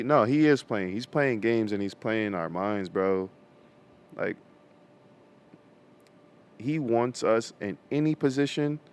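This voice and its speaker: A young man talking casually about his faith to his viewers, slangy and full of fillers, outdoors. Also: mid-range voice. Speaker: vlogger. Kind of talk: casual faith talk to camera.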